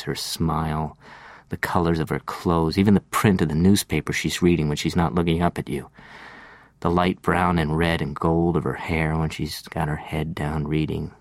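A man reading a literary first-person monologue, slow and reflective, lingering over details. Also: very deep voice, no echo.

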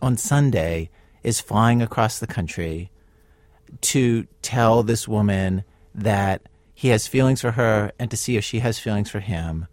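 A man hosting a radio show, narrating a guest's story in a measured, wry way and asking her questions. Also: lowish voice, a little mellow, no echo. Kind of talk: scripted radio narration and interviewing.

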